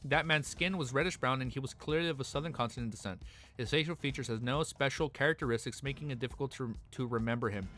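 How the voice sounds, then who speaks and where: A young man streaming live, reading a story aloud and reacting with excited swearing and stumbles. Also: medium pitch, fast, soft background music.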